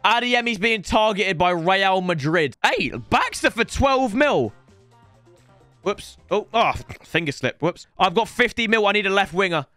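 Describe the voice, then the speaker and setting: Young man, gameplay commentary, slangy, excitable outbursts, dry close sound, faint music. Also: high voice, measured pace, dry recording. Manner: chatty slang, addresses viewers as lads. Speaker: gaming YouTuber.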